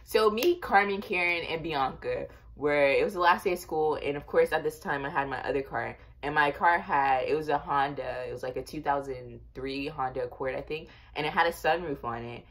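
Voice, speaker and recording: A young woman casually telling a storytime tale to her viewers, chatty and animated, with lots of fillers. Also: low voice, normal speed, few pauses. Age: young adult. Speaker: vlogger.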